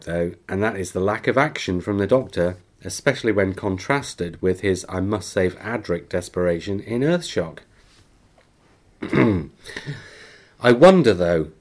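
A podcast host reading a listener's email aloud in casual chat, with chatty, self-mocking asides and easy laughter. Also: male voice, deep voice.

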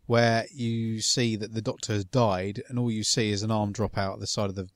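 A man's voice: lowish voice, normal speed, no room sound. A man co-hosting a podcast, chatting casually, often with short agreeing remarks. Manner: mostly brief agreeing interjections, relaxed. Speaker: podcast co-host.

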